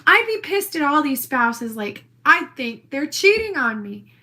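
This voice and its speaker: A woman's voice: sits high, sing-song, measured pace, sharp tone. A woman ranting into her own video in a brash, profane, defiant way. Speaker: social media poster. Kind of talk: rambling self-recorded video rant.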